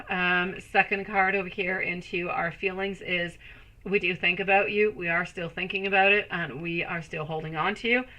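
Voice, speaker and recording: A woman in her thirties doing a live tarot reading, soft and soothing, calling viewers sweetie and turning bubbly when she greets the chat. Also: fairly low pitch, low-quality recording. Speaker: tarot reader.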